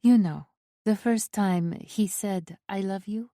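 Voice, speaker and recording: A woman narrator voicing a defiant young woman who speaks softly and reassuringly to a friend. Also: medium pitch, slow pace, no room sound, clean studio sound. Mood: gentle. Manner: soft and reassuring, then frightened and forceful.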